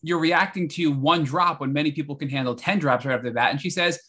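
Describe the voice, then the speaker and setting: A fast, bright-voiced man hosting. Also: a little high. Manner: enthusiastic, apologetic interruptions, recapping. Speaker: podcast host. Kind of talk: interview questions.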